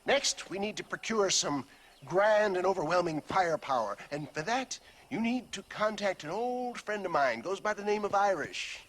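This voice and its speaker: A man's voice: high-pitched, expressive, normal speed, fairly bright tone. Pompous old snake-oil salesman. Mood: smug. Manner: florid, theatrical, wordy. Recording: game audio with background noise.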